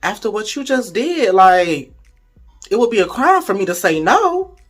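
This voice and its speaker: A man's voice: sits high, big pitch swings, a little slow, a bit bright, soft background music. A young man in casual storytime mode, chatty and candid, talking straight to his viewers. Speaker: vlogger.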